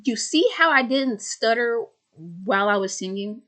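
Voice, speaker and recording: A woman's voice: a little high, expressive, a bit bright. Woman film reviewer, casual and rambling, audible stutter, lots of fillers, acts out quotes. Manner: chatty, rambling with fillers and repeated words; acts out characters' lines in quick put-on voices.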